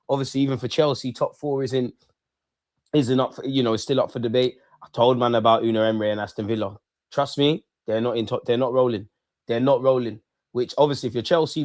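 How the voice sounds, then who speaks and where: A young man, hosting a live football watch-along. He chats casually and excitedly in slang, speaking straight to his viewers. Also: on the high side. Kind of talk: casual live-stream chat and commentary.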